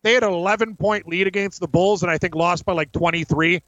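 A man's voice: high-pitched, steady tone, quick pace, fairly bright tone, no echo, dull audio. A man co-hosting a sports betting show, giving blunt opinions and short reactions in casual chat.

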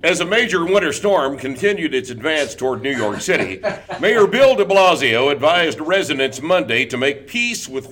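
A man voicing a grandiose newsreader who proclaims doom in slow, booming, biblical tones. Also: pushed and bright, exaggerated voice. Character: doom-laden male newsreader, grandiose and apocalyptic.

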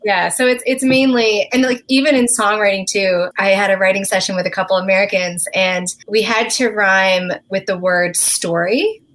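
A woman's voice: mid-range voice, normal speed, hardly any pauses. Rambling woman with Newfoundland accent. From Newfoundland, Canada. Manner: relaxed, rambling, many likes and you-knows. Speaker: songwriter guest. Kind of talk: casual interview chat.

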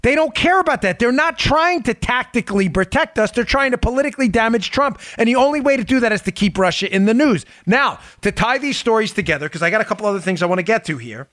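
A man's voice: very high-pitched, lively intonation, fast talker, hardly any pauses, a bit bright, no echo, clean studio sound. A man hosting a podcast, giving emphatic, sarcastic political commentary and repeating phrases for effect. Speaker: podcast host.

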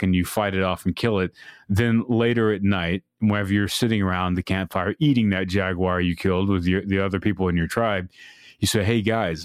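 A man's voice: deep voice, no room sound, clean studio sound. A man being interviewed about his book, talking in a laid-back way, full of fillers and the odd swear word. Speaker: podcast guest, author. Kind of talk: casual conversational interview.

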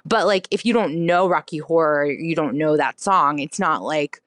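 A woman's voice: moderate pace, a bit bright, no echo, clean studio sound. A woman in her thirties, a comedian and cabaret performer, talking casually as an interview guest, full of "like" and acted-out quotes. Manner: chatty, many "like" fillers, acts out quotes in a higher voice.

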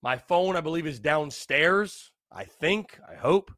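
A man's voice: on the high side, animated, measured pace, fairly bright tone, no echo, studio quality. A young man hosting a casual solo podcast, tipsy, rambling and repeating himself. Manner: rambling, repetitive, loose and tipsy. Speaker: podcast host.

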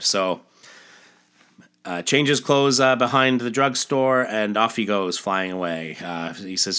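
A man's voice: fairly low pitch, slow, bright, forceful tone, clear, resonant tone. A man casually retelling a comic book story, chatty and full of asides. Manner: chatty, many fillers and asides.

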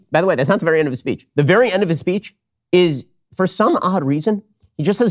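Male host, sarcastic commentary, lively pitch that swings a lot, a bit on the high side. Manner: sarcastic, mocking, rapid-fire commentary. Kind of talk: political commentary.

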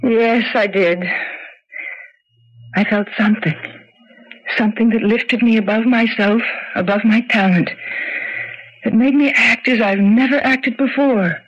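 A young actress in a radio drama playing an aspiring stage actress, emotional and quick to tears and laughter. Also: female voice, on the high side. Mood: awed. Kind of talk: 1970s radio drama acting. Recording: dull lo-fi radio broadcast.

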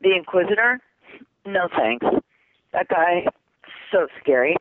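A man, a voice actor being interviewed, chatting casually, excitable and laughing often, calling people "dude". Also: high-pitched, unhurried, no echo. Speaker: voice actor guest. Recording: tinny phone line.

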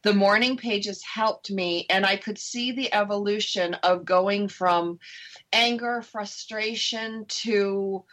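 A woman's voice: mid-range voice, slow pace, fairly bright tone. A middle-aged woman on a radio talk show, chatting candidly about her own experience, laughing easily and acting out her own thoughts. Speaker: radio show host sharing her divorce recovery. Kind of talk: casual radio interview.

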